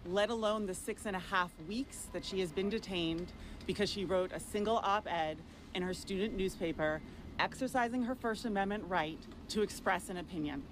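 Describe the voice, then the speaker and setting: A woman lawyer giving a press statement in a firm, measured, formal manner. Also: medium pitch, noisy background.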